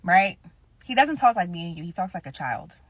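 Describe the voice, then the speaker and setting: Speaking right to her audience, a woman in her thirties shares a personal story on her casual vlog with blunt emphasis and plenty of swearing. She has a fairly low, sing-song voice with a breathy edge, moves fairly quickly, and the recording is dry.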